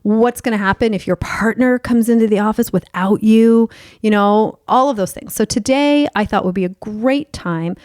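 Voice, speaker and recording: A woman hosts her own podcast in a candid, bubbly chat, tossing in playful swears as she goes. Her voice sits at a middle pitch and is recorded close and dry, with no room sound. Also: moderate pace, darkish tone, dry recording. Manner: bubbly, playful and openly profane. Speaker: podcast host and sex coach.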